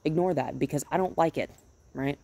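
Here a dog trainer speaks in a low, warm voice at a brisk pace, recorded dry. She chats her way through a casual, step-by-step demo at home and out in the yard with her dogs, frequently tossing in "right?".

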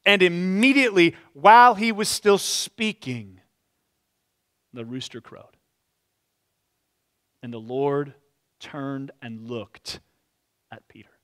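Male pastor with a high voice, preaching in a storytelling way and sinking quiet and slow at solemn beats. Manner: expressive storytelling, drops to quiet slow tones at solemn moments. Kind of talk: sermon. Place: church.

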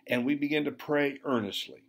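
A man's voice: mid-range voice, a little fast, slight background noise. A man preaching and telling of a vision, with emphatic, fervent exhortation. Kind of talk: sermon testimony.

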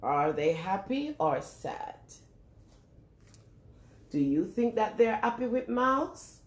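Brief: female children's storyteller, slow and very expressive, sing-song, room echo. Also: mid-range voice. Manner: animated, sing-song, asks the children questions. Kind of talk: reading a picture book aloud to young children.

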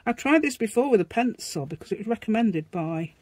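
Chatty, husky woman crafting. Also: on the high side, lively intonation, fairly quick, darkish tone, no room sound. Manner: chatty and rambling, narrates while drawing, asides to her dog. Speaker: craft vlogger. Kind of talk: casual craft demonstration.

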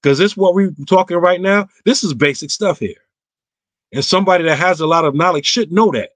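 A man's voice: high voice, brisk, a bit bright, no echo. A man, an imam, answering viewer questions on an online roundtable in a casual, emphatic way, his voice climbing when he stresses a point. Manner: casual, clipped everyday grammar.

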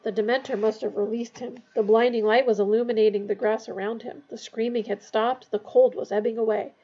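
A woman narrating a fantasy novel aloud in a tense, hushed storytelling manner. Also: a little high, fairly even intonation, fairly quick, slightly rough, dull audio. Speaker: audiobook reader.

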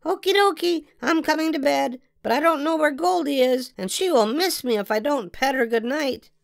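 A woman voicing an excitable little girl with a big imagination, reading with a theatrical, sing-song manner. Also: high-pitched, moderate pace, creaky, no echo, clean studio sound, pitched above the performer's own voice. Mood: playful.

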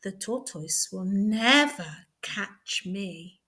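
A woman voicing a boastful, noisy male hare in a storybook read-aloud, loud and gloating. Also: medium pitch, lively intonation, drawn-out words, full character voice.

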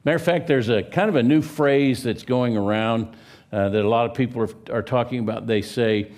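A man's voice: medium pitch, a little fast, darkish tone. A man in his seventies from California, preaching a sermon in a church, telling stories with a joking, folksy manner. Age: 70s. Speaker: pastor. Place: church sanctuary.

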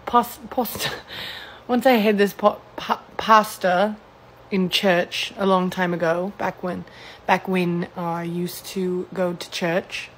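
Slow Californian woman trying an Australian accent. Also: fairly low pitch, little pitch movement, a little hiss or hum, poor audio. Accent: put-on Australian accent over a Californian one. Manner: halting and self-correcting, restarting words. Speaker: vlogger. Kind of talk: casual accent practice to camera.

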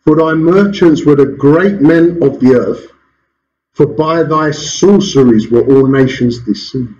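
A man's voice: on the high side, measured pace, a little mellow, highs cut off, a little hiss or hum. A man preaching a sermon as pastor in a church, asking rhetorical questions and chuckling between points. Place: church hall.

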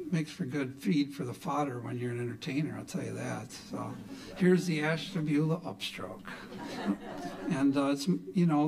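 This gravelly, medium-pitched voice belongs to a middle-aged folk artist from Milwaukee, Wisconsin. He rambles through a down-home story on stage between numbers, frequently saying "you know."

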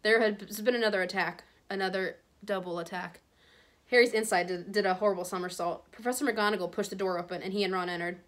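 A woman teacher reads a chapter aloud to her class in a steady storybook voice. Her voice sits at an ordinary middle pitch. She trips over a word now and then and calmly goes back to correct it. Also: quick pace. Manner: steady, with small stumbles and self-corrections. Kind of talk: reading a novel aloud.

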